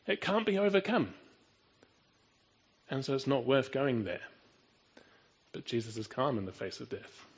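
Husky-voiced man preaching a sermon. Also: medium pitch, lo-fi sound. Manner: earnest, emphatic, rhetorical questions to listeners.

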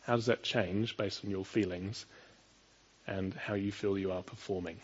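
A man's voice: low-pitched, fairly even intonation, normal speed, breathy edge, lo-fi sound. A man preaching a sermon, earnest and full of rhetorical questions, building to emphatic peaks.

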